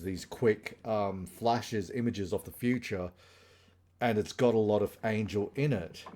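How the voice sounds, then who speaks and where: A man with a slightly low voice talks loosely through a TV plot recap on a podcast. He rambles and stacks fillers like "kinda" and "like." His tone is relaxed and conversational. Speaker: podcast co-host. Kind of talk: casual chat.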